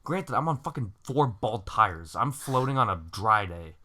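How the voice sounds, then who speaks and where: A man spins a story on a casual podcast with friends, his pitch leaping around as he goes. His voice is bright and forward. He swears freely and acts out his own angry shouts. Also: expressive, unhurried. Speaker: podcast co-host.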